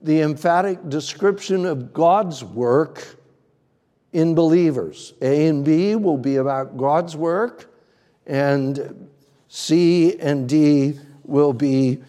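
A man's voice: a little high, slow pace, warm tone, big-room sound. A man preaching an expository sermon, working methodically through numbered points.

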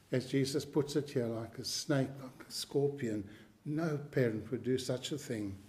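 A man preaching a sermon, slow and emphatic, repeating key phrases and clearing his throat now and then. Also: medium pitch, a little mellow.

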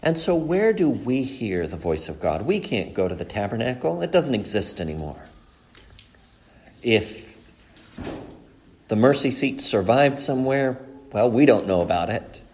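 A male pastor preaching a sermon earnestly, climbing to emphatic peaks and dropping low and slow for key points. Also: sing-song, a little mellow.

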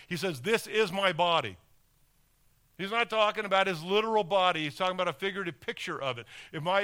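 A man's voice: high-pitched, bright, forceful tone. A man preaching a sermon as pastor in a conversational way, with rhetorical questions and sports analogies.

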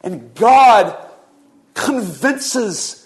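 A man's voice: extremely high pitch, expressive, extremely slow. A male pastor delivering a sermon, retelling scripture as a vivid, flowing story.

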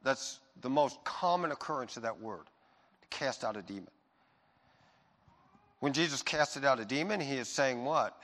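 Man, pastor, sermon, bright forceful voice, loud-to-soft emphasis, long hall reverb. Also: mid-range voice. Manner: swings from loud emphatic preaching to soft intimate reassurance.

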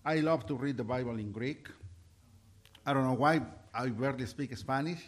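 A man preaching a sermon, impassioned and halting, with restarts, swinging between loud and soft. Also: mid-range voice. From Mexico.

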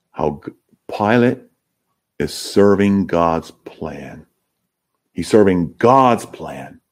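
A man's voice: mid-range voice, darkish tone. A man preaching an expository sermon to his congregation, building to emphatic peaks. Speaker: pastor.

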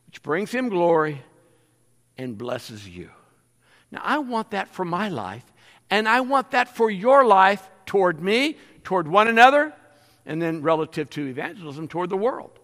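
Bright-voiced preaching pastor, echoing hall. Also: male voice, fairly high pitch. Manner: emphatic preaching with rising exhortations. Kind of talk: sermon.

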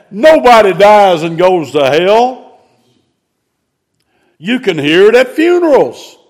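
A man preaching a sermon in an emphatic, drawn-out manner. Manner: emphatic, drawn-out preaching with sudden rises in pitch.

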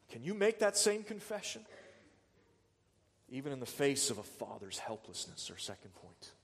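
A man's voice: medium pitch, a bit bright, big-room sound. A man preaching a sermon as a pastor, earnest and full of rhetorical questions.

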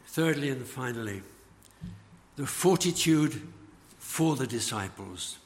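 A man preaching a sermon, slow and emphatic, letting phrase ends fall away. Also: mid-range voice, lively intonation. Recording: long church reverb.

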